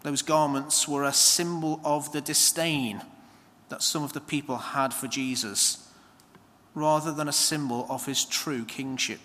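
A man giving a slow, measured homily with reflective pauses in a church. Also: on the high side, steady tone, bright, forceful tone. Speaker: preacher. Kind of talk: sermon. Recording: long church reverb.

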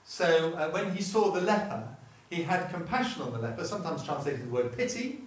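A man's voice: a little high, expressive, a little fast. A man preaching a sermon, chatty and often stopping himself mid-sentence to put questions to the congregation. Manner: chatty, self-interrupting, asks the room questions. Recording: echoey room, voice from far off.

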